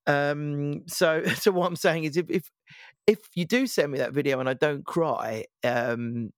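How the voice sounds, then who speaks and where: A man's voice: on the high side, unhurried, no echo. Guy on a podcast, thoughtful, stops and restarts a lot, dry close sound. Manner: reflective, hesitant, many restarts. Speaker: podcast co-host. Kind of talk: casual podcast chat.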